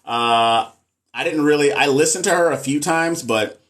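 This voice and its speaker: A man with a Texas Southern accent from the American South hosts a casual livestream, reading comments aloud and speaking candidly about nursing, since he is a nurse. His voice is fairly high and fairly bright, and he speaks at a moderate pace.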